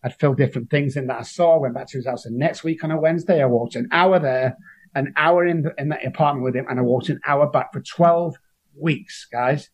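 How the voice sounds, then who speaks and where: A man tells his personal story as an interview guest. His voice sits at a middle pitch and has a husky, breathy grain. He speaks earnestly, with emotion running under the words. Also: brisk.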